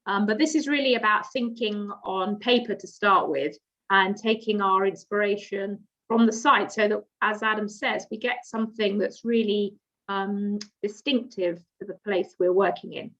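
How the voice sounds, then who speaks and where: An English woman co-presents a landscape design in an online call. She speaks at a measured pace with some light teasing. Her audio comes through slightly dull and muffled. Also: medium pitch, fairly even intonation, fairly bright tone. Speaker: landscape architect.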